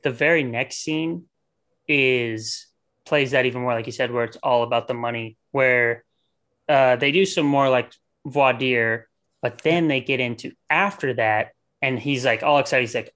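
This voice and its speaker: A man's voice: medium pitch, moderate pace, fairly bright tone. A man co-hosting a podcast, chatting casually about a film, laid-back and laughing often as he retells scenes. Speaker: podcast co-host.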